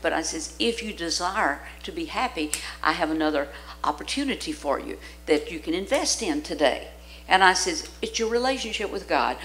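Lively older woman preaching a story-filled sermon. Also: fairly low pitch, rough recording. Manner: animated storyteller, acts out quoted voices, laughs often. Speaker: guest preacher. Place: church sanctuary.

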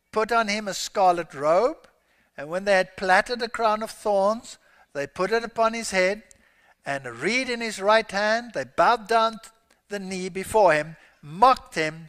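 A man's voice: high voice, fairly bright tone. A man preaching a sermon, reading scripture aloud with emphatic, rising exclamations. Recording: long hall reverb.

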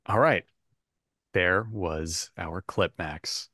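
A man's voice: sits low, drawn-out words, pushed and bright, no room sound, clean studio sound. A man hosting a casual podcast quiz game, upbeat and chatty, who laughs often. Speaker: game show host.

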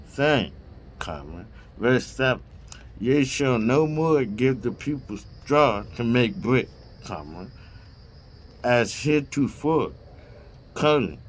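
A man reads scripture aloud at an unhurried, careful pace, voicing each comma, colon and period as he goes. His voice sits at an ordinary middle pitch, and he now and then stumbles and starts a phrase again. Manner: reads punctuation marks aloud, deliberate; occasional stumbles and restarts. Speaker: Bible reader.

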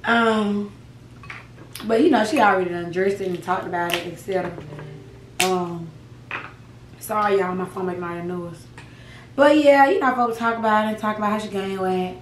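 A woman's voice: mid-range voice, normal speed, pauses often, echoey room, distant mic, a little hiss or hum, poor audio. A young woman vlogging to camera while eating, chatting to viewers in a folksy, laughing way with asides like "child" and "baby". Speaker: mukbang vlogger.

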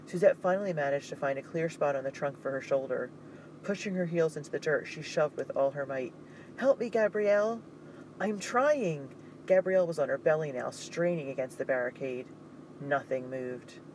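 A man narrating an audiobook in a steady, suspenseful reading. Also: mid-range voice, fairly quick, a little hiss or hum, poor audio.

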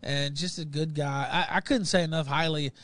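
A man's voice: fairly high pitch, steady tone, normal speed, fairly bright tone, no room sound. A man hosting a livestream show, ranting angrily with heavy swearing and insults. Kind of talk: profane ranting talk.

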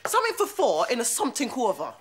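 A sarcastic young daughter. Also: female voice, a little high, huge pitch swings, fast talker. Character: sardonic young adult daughter. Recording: noisy old TV audio.

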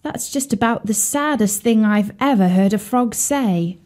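A woman voicing a gentle, romantic female swan in a children's storybook, who sighs and draws her words out sentimentally. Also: medium pitch, natural voice. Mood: tender. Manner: sighing, sentimental, drawn-out.

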